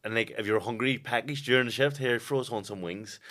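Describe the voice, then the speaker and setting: A man's voice: medium pitch, fairly quick, fairly bright tone. A man, a boxer and podcast guest, talking bluntly and with plenty of swearing in casual chat.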